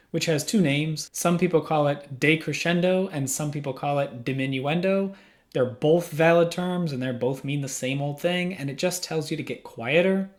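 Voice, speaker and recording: A man working as a music teacher, giving a patient lesson in a small room and answering his own questions step by step. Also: fairly high pitch. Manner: patient, asks questions then answers them. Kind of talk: instructional explanation. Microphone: studio microphone.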